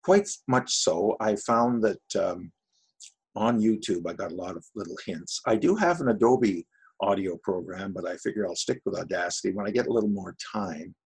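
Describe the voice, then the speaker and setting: Gravelly low-voiced man, relaxed and wry. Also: normal speed, poor audio. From Canada, Ottawa area. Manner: relaxed, anecdotal, wry humor. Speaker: voice actor guest. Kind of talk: casual interview talk.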